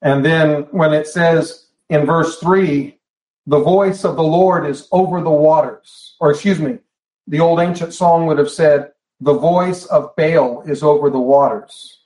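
A man's voice: a little high, a little slow, darkish tone. A man preaching a Bible study sermon in a church hall, talking in a conversational way and often restarting and repeating phrases. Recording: echoey room.

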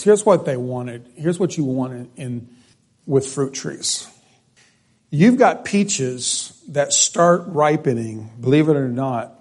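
A man preaching an expository sermon, reading scripture aloud and then stressing and repeating key phrases, thinking aloud with restarts and asides. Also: medium pitch.

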